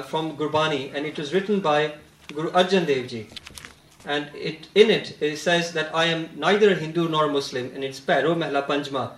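A man giving a religious talk, earnest and deliberate, slowing to stress the verses he quotes. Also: a little high, roomy sound, poor audio. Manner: earnest, deliberate, emphatic when quoting. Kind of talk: lecture quoting scripture.

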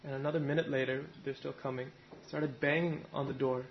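A male preacher giving a sermon, his voice gravelly with a fair amount of fry. He tells a story in an even, level delivery and reads the characters' words without acting them out. The recording sounds dull and lo-fi, with faint noise in the background. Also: medium pitch, fairly quick, few pauses. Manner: retells a story, voicing the people in it plainly. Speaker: Sikh preacher.

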